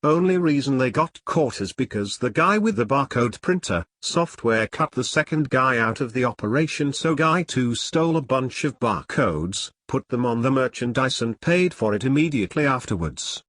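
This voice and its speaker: A man narrating online stories aloud in a steady, matter-of-fact reading voice. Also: medium pitch, moderate pace, hardly any pauses, no echo.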